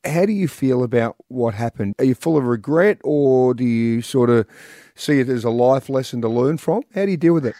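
A man's voice: medium pitch, animated, moderate pace, mellow, no echo, studio quality. A man hosting a radio interview, calling his guest "mate". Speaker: radio host.

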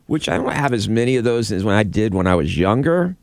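A man's voice: on the low side, fast, vocal fry, no room sound, studio quality. A man co-hosting a morning radio show, casually reading out survey facts and trading jokes with his co-hosts. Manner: relaxed, reads out survey facts between jokes.

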